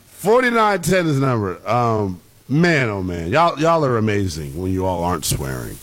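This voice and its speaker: A man's voice: fairly low pitch, wildly swooping pitch, normal speed, fairly bright tone. A young man hosting a late-night sports call-in radio show, playful and laughing often as he riffs with callers. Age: young adult. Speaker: sports talk radio host.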